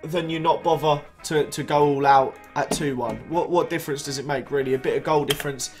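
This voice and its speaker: A man's voice: fairly high pitch, fairly even intonation, a little fast, soft background music. A young man casually commentating on a football management game he is playing, chatty and a bit tired. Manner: chatty, reacting to match events. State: yawning, tired. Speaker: gaming YouTuber.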